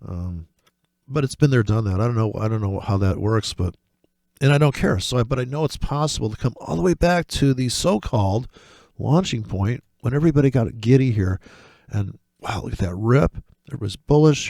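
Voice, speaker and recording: A man giving casual, rambling commentary over trading charts, swearing often and breaking into excited, mocking asides. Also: mid-range voice, fairly quick, vocal fry, dry recording. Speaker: forex trading vlogger.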